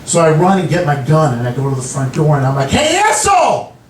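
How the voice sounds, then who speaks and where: A man from Long Island telling stories in a stand-up comedy set, with deadpan delivery and quick asides. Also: a little high, slight background noise. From Long Island, New York. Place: comedy club stage. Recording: roomy club sound from a distance. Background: audience laughter.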